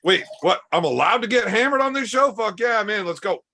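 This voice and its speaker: Bright-voiced, crude teasing man. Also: high voice, expressive, brisk. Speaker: podcast host. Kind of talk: casual chat.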